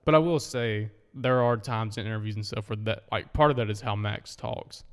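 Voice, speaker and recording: A man's voice: on the low side, normal speed, smooth. A man co-hosting a casual podcast chat, easygoing and agreeable, often chiming in with short replies. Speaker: podcast co-host. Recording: echoey room with long reverb.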